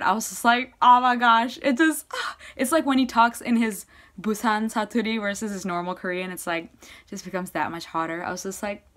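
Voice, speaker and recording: A young woman vlogger telling a story casually, gushing and excitable, with her speech full of "like". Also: mid-range voice.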